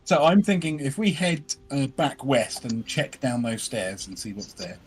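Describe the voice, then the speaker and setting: A man's voice: mid-range voice, a little slow, slightly rough. A man playing a tabletop game, hesitant and thinking aloud with ums. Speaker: player.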